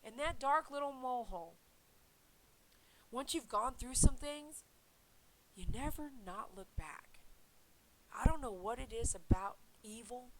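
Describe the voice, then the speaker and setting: A woman's voice: on the high side, expressive, measured pace, long pauses, a little hiss or hum, low-quality recording. A woman who grooms dogs, talking casually and earnestly to her viewers about faith, rambling and repeating herself. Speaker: dog groomer and channel host.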